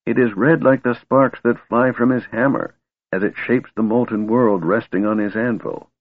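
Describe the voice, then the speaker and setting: A man voicing a kindly old wizard who is secretly a god, speaking slowly and gently. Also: medium pitch, no room sound, voice pushed up, lightly acted. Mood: gentle storytelling. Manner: slow, gentle and soothing. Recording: tinny, phone-like and dry.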